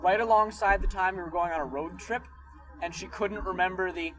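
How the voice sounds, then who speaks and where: A man co-hosting a podcast during a road trip, telling a funny family story in a lively, animated way. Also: high voice, a little fast, loud music behind the voice, poor audio. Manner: lively storyteller who acts out quotes. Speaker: podcast co-host. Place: inside a car on a road trip.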